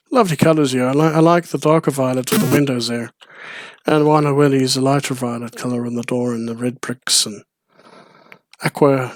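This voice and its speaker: A man's voice: mid-range voice, no room sound, clean studio sound. A man giving playful, rambling commentary on a video game, with frequent chuckles. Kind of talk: let's play commentary.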